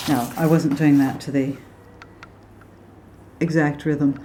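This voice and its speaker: Low, slow woman coaching pronunciation. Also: fairly even intonation, dark tone, slight background noise. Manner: deliberate, demonstrates sounds by contrast. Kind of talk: spoken pronunciation lesson.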